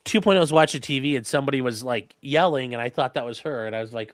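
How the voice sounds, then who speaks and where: A man hosting a livestream as an attorney, giving sarcastic, animated legal commentary. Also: medium pitch, fast talker, few pauses, no room sound. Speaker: attorney and channel host.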